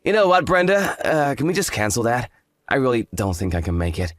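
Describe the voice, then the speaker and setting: A man's voice: medium pitch, big pitch swings, fairly quick, fairly bright tone, no room sound. A man playing a smug hungover fiancé. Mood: dismissive. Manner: condescending, lazy drawl. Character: smug hungover young fiancé, arrogant and dismissive. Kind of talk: dramatized story voice acting.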